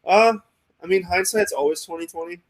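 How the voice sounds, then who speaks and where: A young man with an American accent, a minor league pitcher telling a long story in a casual interview, full of "like" and "um". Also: moderate pace, noisy background. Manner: rambling, many fillers like "like" and "um".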